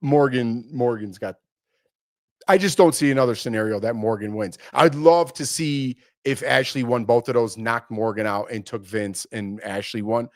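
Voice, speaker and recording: Animated man telling stories, dry mic. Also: medium pitch, moderate pace, no echo. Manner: animated storyteller, acts out quoted voices. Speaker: podcast co-host. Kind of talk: casual chat.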